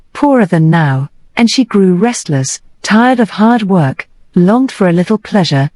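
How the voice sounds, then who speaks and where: An earnest young man pours out an emotional confession about his lost sister, voiced by a woman reading an audiobook. The voice sits low and mellow, close and dry. He speaks with urgency and deep feeling. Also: no room sound.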